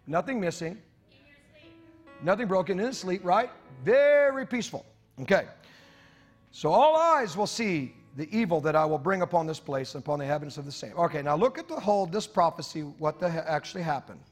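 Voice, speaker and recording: A man's voice: fairly high pitch, expressive, brisk, soft background music. A man preaching a sermon in church, reading scripture aloud with joking asides to the congregation. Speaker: pastor.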